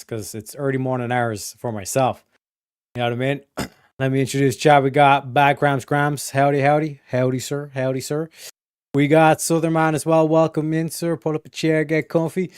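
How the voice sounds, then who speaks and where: Male livestream host from Europe, mid pitch, smooth clear tone, dry close mic, loose rambling delivery. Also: a little mellow, no echo. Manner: rambling, swears a lot, reads chat aloud. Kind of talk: casual live stream chat.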